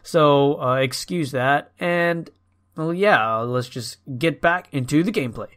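A young man hosting casual gameplay commentary, excitable and swearing, ranting at the characters on screen. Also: fairly high pitch, measured pace. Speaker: gaming video host.

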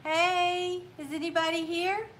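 A woman's voice: extremely high pitch, flat delivery, a little slow, a bit bright. Cheerful woman hosting a casual livestream. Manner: cheerful, reads out viewer names and comments. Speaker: craft livestream host. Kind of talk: casual livestream chat greeting viewers. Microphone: laptop or phone mic.

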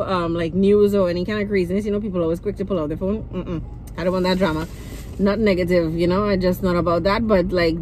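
Young Trinidadian woman vlogger, animated venting storyteller, middle pitch, faint traffic behind. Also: low-quality recording. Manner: animated, venting, acts out quotes. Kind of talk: casual vlog storytelling.

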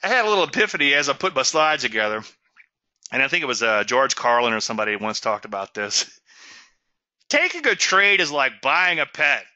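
A man's voice: medium pitch, very animated, brisk, pushed and bright, dry recording, dull audio. A man hosting a trading webinar, teaching in an emphatic, folksy way and often asking "okay?" and "so what?". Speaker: trading show host.

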